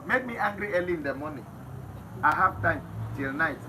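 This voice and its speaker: A Nigerian man with a somewhat high voice talks in a casual interview, emphatic and quick to laugh. He sounds set back from the mic, with steady noise behind him. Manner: emphatic, laughs often, swings between loud and hushed. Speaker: interview guest. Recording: distant mic with noisy background.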